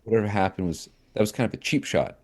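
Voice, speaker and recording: A man co-hosting a casual podcast, talking in an animated, reflective way. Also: lowish voice, fast talker. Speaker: podcast co-host.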